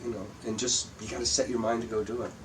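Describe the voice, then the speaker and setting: A man's voice: lowish voice, flat delivery, fast, a crowd in the background. An older man, a comedian, telling rambling, profane stories with frequent restarts in a casual interview. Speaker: guest comedian. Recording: distant mic with faint background hiss.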